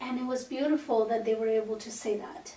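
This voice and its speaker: A woman's voice: a little high, fairly even intonation, racing, dark tone. A woman hosting a podcast, talking in an earnest, reflective way. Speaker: podcast host. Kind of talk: casual podcast conversation. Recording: echoey room, distant mic.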